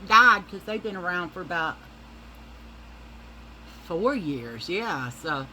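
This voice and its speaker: Bright-voiced, profane woman storyteller. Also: lowish voice, takes it slowly, slight background noise, poor audio. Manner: profane, rambling, animated storyteller. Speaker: makeup vlogger. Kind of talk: casual storytelling while applying makeup.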